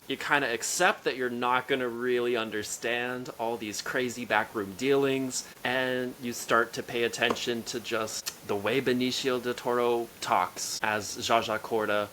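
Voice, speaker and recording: Podcast co-host, male, excitable and rambling, light hiss on the track. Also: medium pitch, poor audio. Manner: enthusiastic, rambling with restarts. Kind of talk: casual film review chat.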